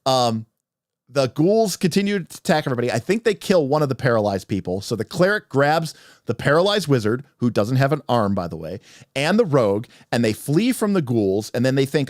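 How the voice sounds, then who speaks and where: A man's voice: mid-range voice, fast, no room sound. Guy rambling thru a game story on stream, medium voice, super dry close mic. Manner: animated, rambling with restarts. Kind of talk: livestream storytelling.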